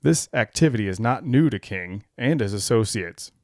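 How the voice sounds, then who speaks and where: A man's voice: on the low side, animated, normal speed, a little mellow, dry recording, studio quality. A man co-hosting a casual podcast chat, reading documents aloud, laughing often and swearing as he gets worked up. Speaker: podcast co-host.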